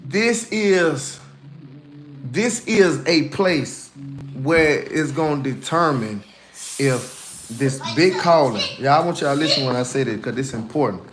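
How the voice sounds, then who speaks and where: A man's voice: fairly high pitch, animated, a little slow, fairly bright tone, faint music behind. A man giving casual, emphatic spiritual encouragement on a livestream, folksy and repeating himself for emphasis.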